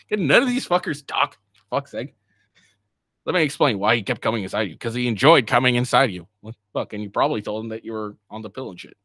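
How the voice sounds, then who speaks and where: A man's voice: medium pitch, fast, a bit bright, no room sound, studio quality. A man streaming live, reading messages aloud and mocking them with frequent swearing and laughter. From Asian heritage. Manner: profane, mocking, reads texts aloud verbatim. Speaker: streamer reacting to a podcast drama. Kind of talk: live reaction commentary.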